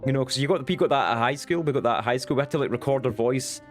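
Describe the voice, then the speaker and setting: A young man with a Scottish accent talks off the cuff to his stream audience, rambling from one thought to the next and dropping the odd swear. His voice sits at an ordinary middle pitch, and faint music plays underneath. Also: racing. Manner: rambling, chatty, swears casually. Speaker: Twitch streamer. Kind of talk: casual live-stream chat.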